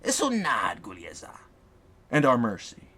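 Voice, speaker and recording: A man's voice: mid-range voice, huge pitch swings, pushed and bright, slightly rough, heavily acted. A man voicing an imperious insectoid ghoul warlord. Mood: menacing. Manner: imperious, measured proclamations.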